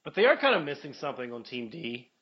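A man's voice: mid-range voice, very animated, fast talker, highs cut off, a crowd in the background. A man co-hosting a casual sports chat, rambling and joking as he corrects himself mid-sentence. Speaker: podcast co-host.

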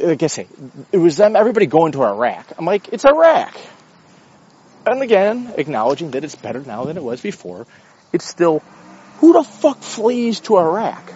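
A man's voice: fairly high pitch, breathy edge, dull audio. Blunt, profane American man ranting. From United States. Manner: profane, blunt, lively and opinionated. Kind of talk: casual rant.

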